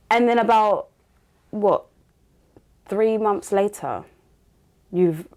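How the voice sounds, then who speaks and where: A woman's voice: medium pitch, slow pace, a little mellow. A woman hosting a podcast interview, telling stories animatedly and laughing often. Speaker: podcast host. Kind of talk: casual interview chat.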